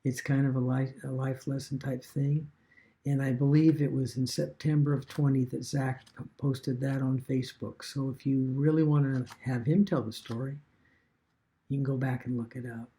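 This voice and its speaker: A man retelling a story casually as an online business vlogger, halting and rambling with many fillers and restarts. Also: medium pitch, little pitch movement, mellow.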